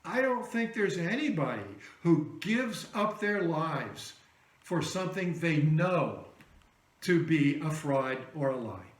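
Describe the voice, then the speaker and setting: Male pastor, slow high-pitched storytelling sermon, echoey sanctuary. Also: very animated. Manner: storytelling preacher, dramatic drops to soft voice for quoted words. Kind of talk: Easter sermon.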